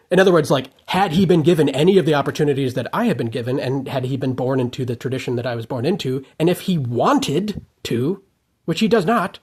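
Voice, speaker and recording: Husky man ranting with heated profanity. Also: fairly high pitch, a little fast. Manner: heated, profane and emphatic, swinging into shouted outbursts. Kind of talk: unscripted monologue rant.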